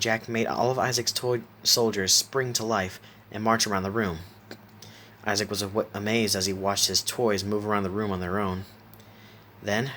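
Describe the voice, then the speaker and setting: A man narrating a horror story aloud in a steady reading voice, sometimes stopping to correct a word. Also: on the low side, a little hiss or hum.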